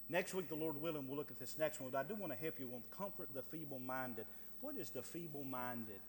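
A man's voice: mid-range voice, animated, a little fast, noisy background. Preaching man in a reverberant church. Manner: emphatic, repeats key phrases, swings from loud urging to soft pleading. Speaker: pastor. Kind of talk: sermon. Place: church sanctuary.

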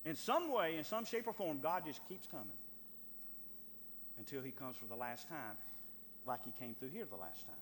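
A man preaches a fervent sermon in his high, animated voice, swinging from hushed passages to loud, ringing climaxes. His tone is bright and forceful. The church hall adds a long reverb over a faint hum. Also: moderate pace, pauses often.

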